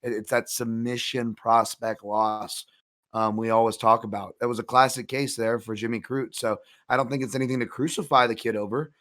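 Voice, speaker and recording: A man's voice: medium pitch, fairly even intonation, moderate pace, a bit bright. Rambling man breaking down fights. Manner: rambling, many restarts and asides. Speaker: co-host, MMA analyst. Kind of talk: casual betting analysis chat.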